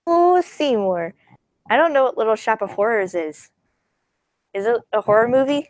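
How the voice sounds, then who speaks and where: A teenage girl with a higher, brisk voice chats casually on a stream, giggling often, rambling, and slipping into silly voices. There is no echo, but the recording is rough.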